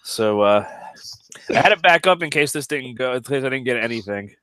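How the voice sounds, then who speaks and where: Male podcast host, congested, loose chatty delivery, bright crisp voice, dry sound. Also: medium pitch, lively intonation, fast, no room sound. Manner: loose and chatty, fillers and restarts. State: congested and phlegmy. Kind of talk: casual chat.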